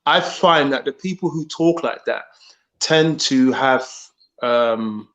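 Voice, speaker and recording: A man chatting casually as a podcast guest, speaking hesitantly with pauses and restarts. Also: mid-range voice, fairly bright tone, lo-fi sound. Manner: hesitant, many fillers and restarts. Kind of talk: casual chat.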